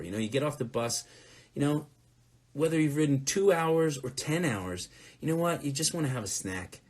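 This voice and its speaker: A touring musician answering fan questions in a casual live Q&A, talking in a rambling, conversational way. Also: male voice, fairly high pitch, expressive, moderate pace. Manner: rambling, conversational, with fillers and restarts.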